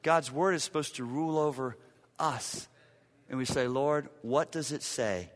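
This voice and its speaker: A man preaching a sermon as pastor, emphatic, repeating key lines and swinging from loud to hushed. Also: medium pitch, measured pace, long reverb tail.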